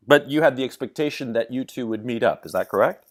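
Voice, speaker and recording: A man's voice: mid-range voice, animated, fast talker. A man interviewing a guest, asking careful questions and checking the timeline of events. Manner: methodical, checks facts and timeline.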